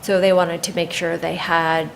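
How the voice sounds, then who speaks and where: A woman, a land stewardship coordinator, giving an unhurried, informal update at a town meeting with frequent pauses. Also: fairly low pitch, level tone, gravelly, a little hiss or hum, rough recording. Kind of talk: staff report at a town meeting.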